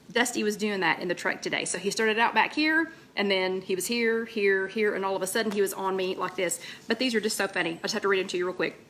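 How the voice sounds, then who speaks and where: A woman's voice: mid-range voice, fairly bright tone, slight background noise. A woman hosting a casual live-stream chat, rambling and greeting viewers mid-sentence. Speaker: host of a weight-loss chat livestream.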